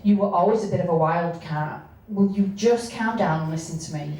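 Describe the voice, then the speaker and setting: A man's voice: sits high, normal speed, a little mellow. A woman reading aloud as a pushy man from the heroine's past, coaxing and falsely friendly. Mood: insistent. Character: menacing man from her past, pushy and persistent. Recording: echoey room, distant mic.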